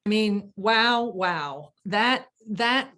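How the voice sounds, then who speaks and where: Slow, reflective woman discussing a book. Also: mid-range voice, animated, sharp tone. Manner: reflective, searching for words with fillers. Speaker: conversation partner at a book event. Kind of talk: thoughtful literary discussion. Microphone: video call.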